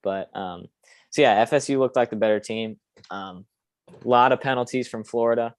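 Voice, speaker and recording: A man's voice: mid-range voice, normal speed, no room sound. A young man hosting a casual sports podcast, opinionated and rambling with lots of fillers. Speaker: podcast host.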